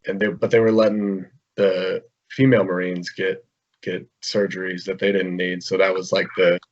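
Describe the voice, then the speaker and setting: A man's voice: low voice, level tone, moderate pace, lo-fi sound. A man from the United States, a guest in a casual interview, answering in a laid-back way with short replies.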